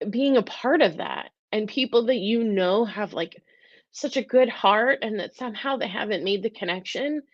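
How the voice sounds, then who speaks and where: A woman's voice: medium pitch, lively intonation, unhurried, pauses often, no room sound. A woman hosting a live-stream talk, speaking earnestly and emotionally, rambling with frequent restarts. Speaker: host. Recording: dull, dry lo-fi sound.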